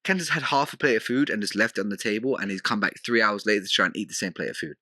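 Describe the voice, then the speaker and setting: A young man chatting casually as a podcast guest, telling lively stories and mimicking his housemates. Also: fairly low pitch, rapid-fire, dry recording, studio quality. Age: young adult. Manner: animated storyteller, mimics housemates.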